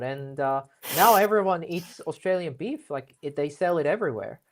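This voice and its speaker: A man's voice: mid-range voice, moderate pace, few pauses. A man speaking as a guest in a casual business interview, explaining things at length with lots of fillers and restarts. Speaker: guest expert.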